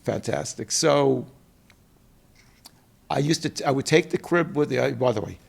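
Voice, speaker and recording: A middle-aged man with a New York accent, a company co-president telling animated stories in an interview and acting out quotes. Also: mid-range voice, moderate pace, gravelly. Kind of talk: storytelling interview.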